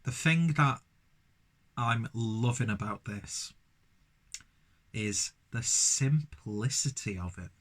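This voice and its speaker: A man's voice: mid-range voice, expressive, slow pace, long pauses, a bit bright. A man casually reviewing a beer, rambling with lots of fillers and restarts.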